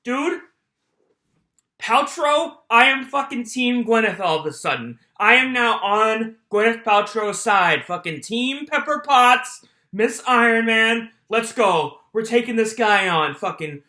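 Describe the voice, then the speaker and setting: A commentator ranting over courtroom footage, swearing freely. The pitch swings widely and the tone is bright and forceful, though the pace stays unhurried. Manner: animated, heavily swearing rant. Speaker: video commentator. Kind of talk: reaction commentary on trial footage.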